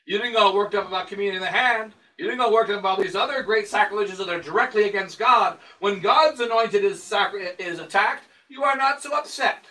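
A man with a high, bright voice preaches an emphatic sermon from a distance from the microphone. He drives his points home with rhetorical questions and repeated phrases, asking and then answering. The voice sounds like a priest in a church. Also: a little fast, few pauses. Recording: voice picked up from a distance.

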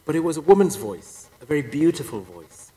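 A man's voice: a little high, very animated, brisk, mellow. A priest giving a personal testimony talk, telling his story with wry, self-deprecating humor. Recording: echoey hall reverb.

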